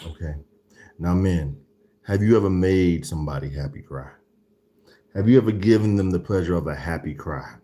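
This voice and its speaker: A man hosting a live food tasting show, gushing about what he has cooked and swinging from low murmurs to high, excited exclamations. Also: moderate pace. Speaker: food show host tasting his own cooking.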